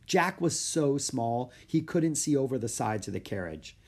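A man's voice: medium pitch, expressive, breathy edge. Man narrating a children's book. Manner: measured storytelling, slowing for suspense. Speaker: audiobook reader. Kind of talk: scripted narration.

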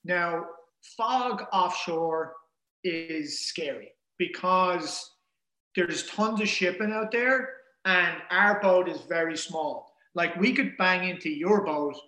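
A man casually telling a story in an animated way, acting out the things people said. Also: high voice, slow. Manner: animated, acts out quoted dialogue. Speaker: guest telling an ocean rowing story. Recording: roomy echo.

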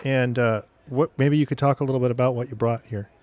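A man's voice: mid-range voice, fairly even intonation, fast talker, darkish tone, no room sound. A man hosting a casual interview, asking short questions and giving brief encouraging replies.

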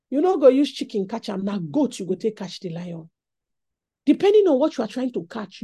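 Animated Nigerian woman preaching, husky voice. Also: on the high side. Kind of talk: sermon.

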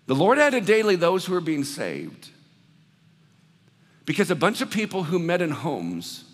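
A man preaching a sermon, telling a story with lively acted-out dialogue before moving into scripture. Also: medium pitch. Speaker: pastor. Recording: reverberant hall sound.

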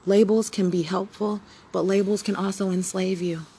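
A woman hosting her own podcast in a rambling, preachy motivational monologue that swings between loud and hushed. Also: mid-range voice, fairly even intonation, normal speed, slightly rough. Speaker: podcast host.

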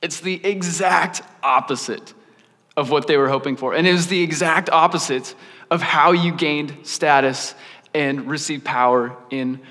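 Male preacher, fairly high voice, casual chatty sermon, long hall reverb. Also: measured pace. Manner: animated, laid-back, peppered with "like".

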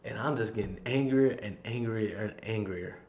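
A podcast host tells a story in a casual, heated monologue packed with swearing, reenacting his own yelling whenever he quotes himself. His voice is fairly low and moderately paced, with slight background noise.

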